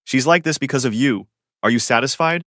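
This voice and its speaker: A man's voice: mid-range voice, fairly quick, a bit bright, no room sound, clean studio sound, close to an everyday voice. A man voicing a scheming young man who whines and defends himself in a storybook reading. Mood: accusing.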